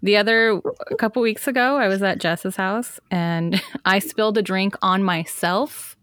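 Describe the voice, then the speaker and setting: A woman co-hosting a podcast in casual chat, reacting with gasps and quick interjections. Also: mid-range voice, fairly even intonation, a bit bright, no room sound, studio quality. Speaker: podcast co-host.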